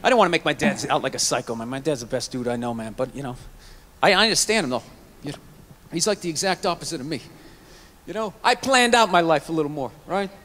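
A man's voice: a little high, expressive, fast talker, fairly bright tone. A male stand-up comedian in a profane, ranting routine, acting out mocking voices for the people in his stories. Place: stage clip played inside a reaction video.

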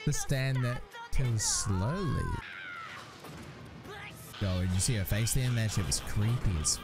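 A young man reacting to an anime episode in casual commentary, excitable and swearing, with sudden high yelps. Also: slow pace, over loud music.

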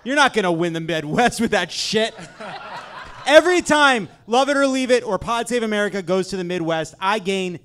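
A man's voice: high voice, lively intonation, normal speed, fairly bright tone. A man in his thirties, a podcast host, ranting about food in a profane, emphatic, mock-outraged way. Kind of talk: comedic rant about food.

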